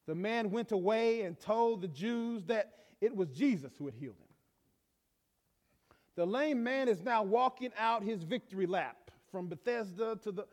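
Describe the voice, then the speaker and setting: A man's voice: high-pitched, lively intonation, a little slow, a little mellow, long reverb tail. A male pastor preaching a sermon emphatically, often stammering and restarting his phrases.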